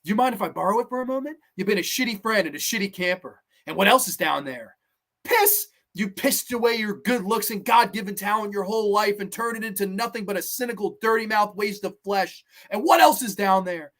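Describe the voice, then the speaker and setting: Guy putting on a sneering teen girl camp killer, high and taunting. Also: fairly quick, hardly any pauses, fairly bright tone. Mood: mocking.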